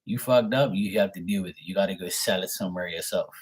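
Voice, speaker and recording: Man, low voice, swearing, amused, casual storytelling. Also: fast, husky. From Bermuda. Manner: profane, blunt and amused. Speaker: host.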